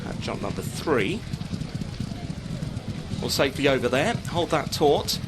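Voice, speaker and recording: A man calls a horse race live, keeping a steady flow of commentary. His voice sits at an ordinary middle pitch for a man. Clear outdoor and vehicle noise runs underneath the recording. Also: a little slow. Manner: steady running call of the field.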